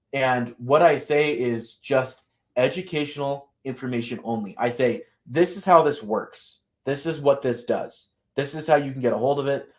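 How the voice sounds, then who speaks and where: Emphatic man arguing with rhetorical questions. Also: mid-range voice. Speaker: crypto content creator. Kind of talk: live panel discussion.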